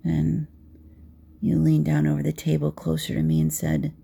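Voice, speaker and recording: Soft, gravelly woman telling an intimate story. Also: low-pitched, sing-song, moderate pace. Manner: soft and intimate, slipping into whispers. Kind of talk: intimate second-person romance narration.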